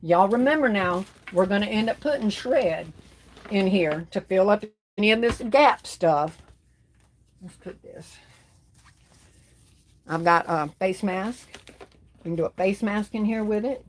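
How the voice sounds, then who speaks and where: A chatty woman talks viewers through a craft project on a livestream in a loose, casual way. She speaks at an ordinary mid pitch and keeps calling her audience "y'all". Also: moderate pace. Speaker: livestream host making gift baskets. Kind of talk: casual live demonstration talk.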